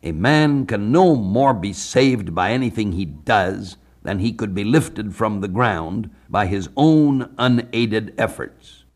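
A man from the United States preaching a sermon on a Bible passage, measured, slowing down to read scripture aloud. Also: on the low side, lively intonation. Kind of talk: radio sermon, Bible exposition.

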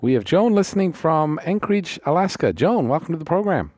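Fast-talking pastor co-hosting radio. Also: male voice, fairly high pitch, big pitch swings, darkish tone, no echo, clean studio sound. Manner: brisk, welcomes callers. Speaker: radio Bible call-in co-host, pastor. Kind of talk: call-in radio Bible answers.

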